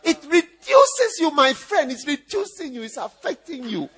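A man preaching a sermon as pastor, teasing his listeners with repeated lines and breaking into shouts and laughter. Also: very high voice, very animated, moderate pace.

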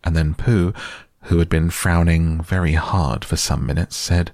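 A man reading a children's storybook aloud in a calm, measured way. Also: low voice, no room sound, clean studio sound. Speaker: narrator.

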